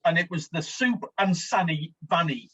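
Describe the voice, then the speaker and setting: Husky Teesside man, lo-fi chat. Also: fairly high pitch, moderate pace, sharp tone. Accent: Teesside (Smoggy). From Teesside, England. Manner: jokey, chuckling storyteller. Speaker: podcast co-host. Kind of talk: casual comic chat.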